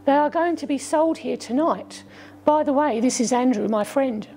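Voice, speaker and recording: Woman doing frightened orphan girl, higher voice, rushed and pleading, gravelly edge, storybook. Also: a little mellow, faint music behind. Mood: anxious.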